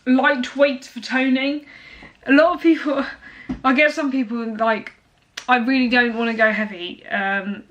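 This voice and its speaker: Young woman, fitness vlog, chatty, blunt, motivational, slightly high voice. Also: a bit bright. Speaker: fitness vlogger. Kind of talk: casual chat to camera.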